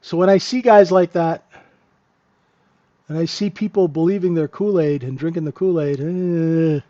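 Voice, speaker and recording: A man's voice: on the high side, moderate pace, mellow, highs cut off. A man hosting a live trading room, giving casual, joking market commentary and answering viewers by name. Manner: chatty, joking, talks to chat viewers by name.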